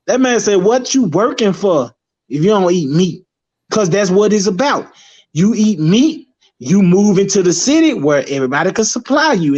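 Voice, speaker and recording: A man talking as a guest in casual chat, rambling and emphatic, swearing freely. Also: sits high. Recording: dull lo-fi recording.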